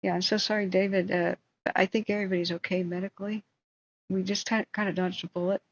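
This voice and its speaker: A woman's voice: medium pitch, little pitch movement, quick pace, lo-fi sound. A woman hosting a livestream in casual chat, rambling and talking to her viewers. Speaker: livestream host.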